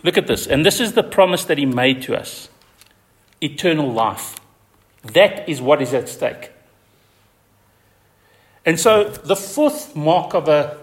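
A man preaching a sermon as pastor, stressing key words with repetition and rising to high emphatic peaks.

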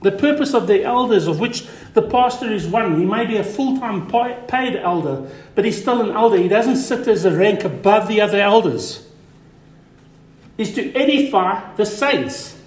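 A man preaching a sermon as pastor, emphatic, repeating key words and dropping to a quiet voice for stress. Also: high-pitched, animated, normal speed, roomy sound.

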